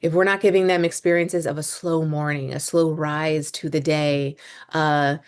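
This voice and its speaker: A woman's voice: deep voice, little pitch movement, normal speed, clear, resonant tone. A woman in her thirties, a homeschooling mom and business coach, talking to listeners in a loose, rambling monologue with fillers and restarts. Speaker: podcast host, business coach. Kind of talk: casual monologue.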